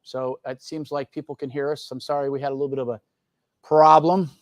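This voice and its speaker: A man's voice: medium pitch, flat delivery, a little fast, dry recording, poor audio. A man hosting a casual live stream about teas, talking in a loose, rambling way with many fillers and joking asides. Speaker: tea company host.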